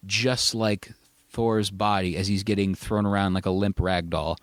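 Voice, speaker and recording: A man with a somewhat low voice hosts a relaxed movie-review chat. He rambles cheerfully and jokes at his own expense. The sound is dry and close to the mic. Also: moderate pace, no room sound. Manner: enthusiastic, rambling, jokey. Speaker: podcast host.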